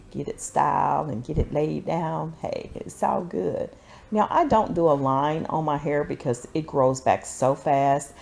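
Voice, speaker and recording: A beauty vlogger with a low, gravelly, warm voice walks through her routine in a casual, chatty vlog. She's sassy and talkative, calling viewers honey and y'all.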